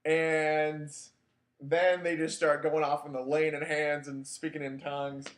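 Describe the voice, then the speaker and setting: Wry storytelling man, slightly high voice. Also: level tone, measured pace. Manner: wry, self-mocking, loose with many "like"s. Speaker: podcast host. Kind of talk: casual storytelling. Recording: echoey room.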